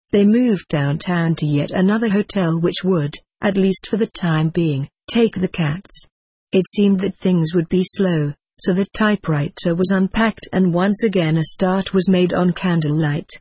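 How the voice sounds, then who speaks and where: An older man reading his own book aloud in a measured, wry, dry-humoured way. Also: high voice, a little mellow, breathy edge, no echo. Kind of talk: audiobook narration.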